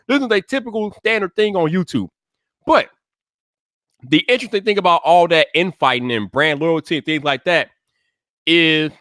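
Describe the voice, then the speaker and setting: A man hosting a live stream, greeting viewers by name in relaxed slangy casual chat. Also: a little high, no echo, clean studio sound.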